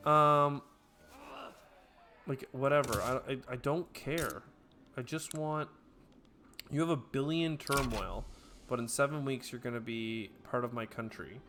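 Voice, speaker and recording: A man commentating his own strategy game playthrough, bursting into excited trash talk and then dropping to quiet mutters. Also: mid-range voice, unhurried, pauses often, noisy background. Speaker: let's play gamer. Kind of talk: gameplay commentary. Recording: clear game music behind voice. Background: game background music.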